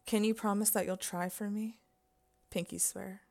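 A woman in a whispered role-play as a dominant partner, talking softly and teasingly and giving commands, often dropping into whispers. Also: mid-range voice, fairly even intonation, moderate pace, creaky.

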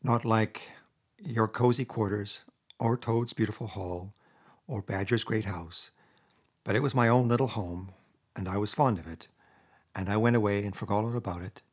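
A man's voice: on the low side, steady tone, moderate pace, husky. Mole, a sobbing homesick mole, voiced by a man. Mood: grief-stricken. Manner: sobbing, broken pleading. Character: timid homesick male mole, tearful.

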